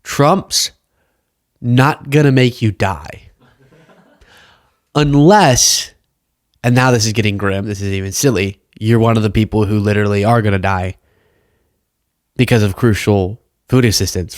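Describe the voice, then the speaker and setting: A man's voice: on the low side, steady tone, measured pace, pauses often, no echo, clean studio sound. A young man hosting a political commentary show, talking casually and sarcastically and laughing often.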